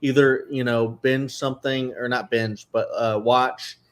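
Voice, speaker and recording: A man co-hosting a casual chat show, rambling with many fillers, excitable and a little emotional. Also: mid-range voice, a little slow. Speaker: co-host.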